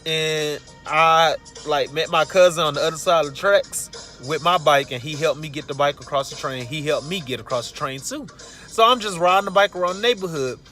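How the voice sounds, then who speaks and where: High-voiced guy telling a funny story, bright and lively, faint music behind. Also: fairly quick. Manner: casual and animated, acting out the quotes. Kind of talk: comic personal storytelling.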